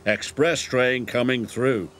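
A man's voice: mid-range voice, slow, a little hiss or hum. A man voicing a big, proud express steam engine in a children's storybook show, speaking in a haughty, sniffy manner. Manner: haughty and sniffy, then worried. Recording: loud background music.

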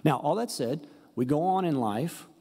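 Husky-voiced male pastor preaching. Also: fairly high pitch, expressive, moderate pace, warm tone, big-room sound. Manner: emphatic, blunt, conversational preaching. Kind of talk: sermon. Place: church sanctuary.

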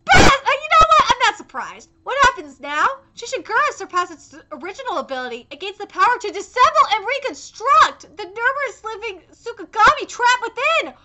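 A woman in her late twenties reacting live while reading a manga aloud, shouting and swearing in excited bursts. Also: slight background noise. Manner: reads character lines aloud in a lower, quicker voice.

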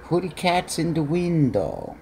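Slow gravelly man cooing at his cats. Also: fairly high pitch, very animated, mellow, slight background noise. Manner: coos baby talk at the cats. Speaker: cat owner filming his pets. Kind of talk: casual chat to his cats. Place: home by a window, indoors.

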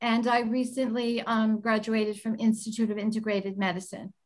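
A woman's voice: a little high, little pitch movement, normal speed, poor audio. A middle-aged woman, a healthy chef, giving an earnest, effusive nutrition lecture over a video call, with many "um"s.

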